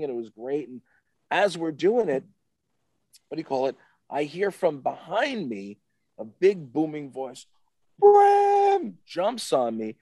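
A man's voice: on the high side, darkish tone, no echo. A man, a guest on an interview show, tells a story in a casual, rambling way, often stopping with "what do you call it" and acting out the voices of the people in it. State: emotional, close to tears.

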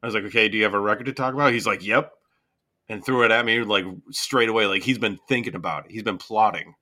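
A man hosting a music podcast in casual chat, easygoing and quick to laugh. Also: lowish voice, bright, forceful tone. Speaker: podcast host.

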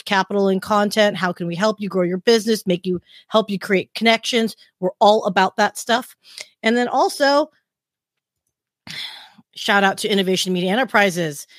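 A woman from Southern California hosting a podcast in an upbeat, chatty way, giving shout-outs. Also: medium pitch, no room sound, clean studio sound. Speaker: podcast host. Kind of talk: casual podcast chat.

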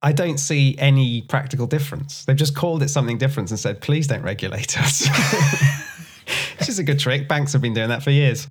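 A man's voice: medium pitch, fast talker, few pauses, faint music behind. A man co-hosting a finance podcast, asking leading questions and slipping in dry jokes. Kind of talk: conversational finance chat.

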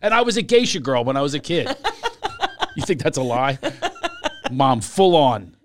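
Wry, slightly high-voiced man joking. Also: big pitch swings, brisk, a little hiss or hum. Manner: wry, self-mocking storytelling. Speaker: comedian. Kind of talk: casual comedic chat.

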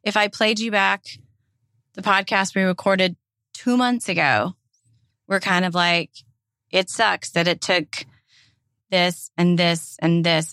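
A woman's voice: fairly low pitch, vocal fry, a bit bright, dry recording, studio quality. A woman with a Southern US accent, co-hosting a podcast in casual chat, emphatic and impassioned, swearing freely. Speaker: podcast co-host.

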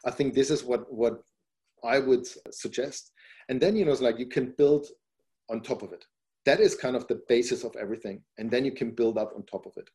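Rambling man with a mellow voice. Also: medium pitch, brisk. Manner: rambling, repeats "you know, it's like" often; grows emphatic when making a point. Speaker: podcast guest, company founder. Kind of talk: casual interview answers.

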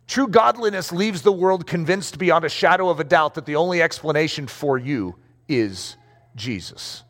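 A man preaching a sermon to a congregation, emphatic and animated, asking rhetorical questions and drawing out key words. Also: a little high, moderate pace. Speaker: pastor.

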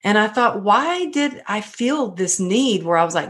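A middle-aged woman talking about her life in an earnest, animated storytelling way as a podcast guest. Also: mid-range voice, normal speed. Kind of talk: casual conversation.

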